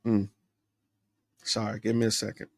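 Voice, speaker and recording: Low gravelly man musing candidly. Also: completely flat delivery, normal speed, no room sound. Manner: candid, introspective, rambling with fillers. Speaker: podcast host. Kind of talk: solo podcast monologue.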